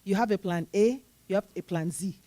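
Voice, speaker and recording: A woman team leader on a panel, giving practical career advice in a steady, matter-of-fact, instructive way. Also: mid-range voice, fairly quick.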